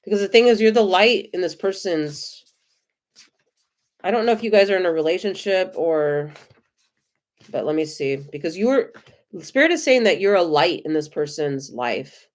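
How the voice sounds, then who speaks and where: A woman with an American accent giving tarot readings on a live stream, gentle, effusive and reassuring. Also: on the low side, expressive, normal speed. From United States. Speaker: tarot reader.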